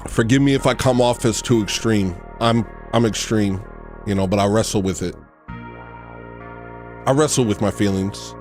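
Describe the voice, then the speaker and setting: This livestream host speaks low and at a normal speed, leaving long pauses in a darkish tone while faint music plays behind him. His casual rant is blunt and rambling, and he keeps restarting.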